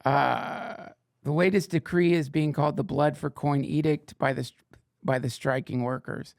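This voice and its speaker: Male podcast host, gravelly, dry studio sound, swearing, sarcastic news-reading riffs. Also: a little high, fairly even intonation, normal speed, darkish tone, dry recording. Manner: profane, sarcastic asides, rambling. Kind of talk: comedic reading of fake fantasy news.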